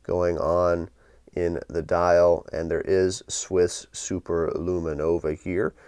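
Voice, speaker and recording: A man's voice: low-pitched, level tone, slow pace, a little mellow, clear, resonant tone, no echo, clean studio sound. A man hosting a watch review channel, casually and enthusiastically showing a new watch. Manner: friendly, upbeat and enthusiastic.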